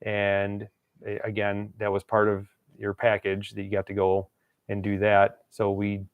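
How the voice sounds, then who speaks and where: A man's voice: fairly low pitch, monotone, unhurried, smooth, no room sound, narrow, tinny audio. A man hosting his channel, telling a long casual story with lots of laughs and acted-out quotes. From Wisconsin. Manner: rambling, laughs often, acts out quotes. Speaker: channel host.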